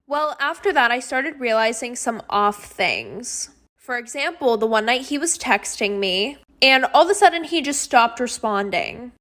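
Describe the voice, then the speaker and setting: A woman's voice: fairly high pitch, lively intonation, unhurried, a bit bright. A young woman narrating personal storytimes in a chatty, dramatic way with sarcastic asides.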